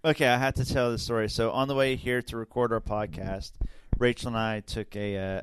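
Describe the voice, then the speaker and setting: A man hosting a casual film review podcast, animated, talking in quick restarts. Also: mid-range voice, clear, resonant tone, dry recording. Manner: animated, restarts and laughs often. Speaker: podcast host.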